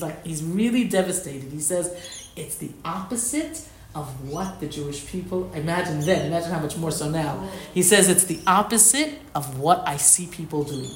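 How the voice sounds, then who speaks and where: A woman giving an animated Torah lesson, quoting Hebrew texts and explaining them with rising emphasis. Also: medium pitch, reverberant. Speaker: Torah teacher. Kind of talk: lecture.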